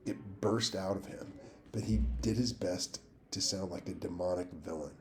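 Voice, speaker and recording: A man reading a novel aloud in a steady, plain way, with small slips and restarts. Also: deep voice, moderate pace, slight background noise. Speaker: audiobook reader.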